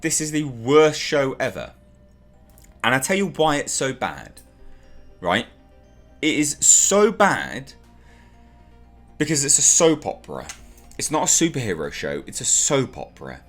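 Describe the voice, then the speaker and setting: A man rants through a TV review with sarcastic exasperation, swearing and hammering his points home. His pitch leaps up and down constantly as he talks, and faint music plays underneath. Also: sing-song, measured pace, long pauses, fairly bright tone. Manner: exasperated, sarcastic, mocks characters in high put-on voices; swears and repeats himself for emphasis. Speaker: TV show reviewer. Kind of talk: ranting review vlog.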